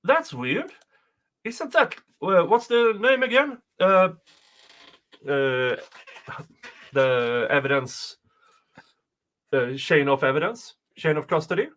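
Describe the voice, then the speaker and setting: A man's voice: a little high, lively intonation, slow, long pauses, a bit bright. A man with a Swedish accent hosting a casual livestream commentary, chatty and amused, often trailing off with fillers. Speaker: host.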